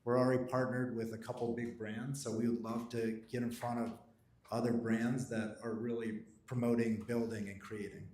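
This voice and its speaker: A man hosting a pitch night, talking casually with many fillers. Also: little pitch movement, normal speed, a little mellow. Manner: casual, chatty, filler-heavy. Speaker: event host. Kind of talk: hosting a live event. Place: event room at a pitch night. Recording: roomy audio from a distance.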